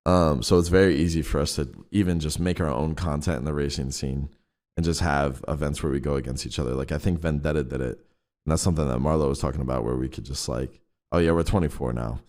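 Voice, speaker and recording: A young man with a very low, deep voice talks in a loose, rambling way. He swears freely and leans on fillers as he goes. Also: fairly even intonation, fast, darkish tone. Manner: laid-back, rambling, swears a lot, heavy fillers. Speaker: streamer and roleplay group leader. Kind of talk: casual out-of-character chat.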